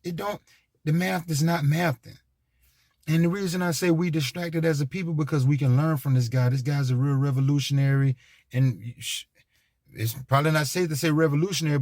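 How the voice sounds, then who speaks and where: A man's voice: mid-range voice, normal speed, darkish tone, no room sound, clean studio sound. A man giving an unscripted monologue, rambling and repetitive, with emphatic restarts and many fillers. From United States. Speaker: commentator.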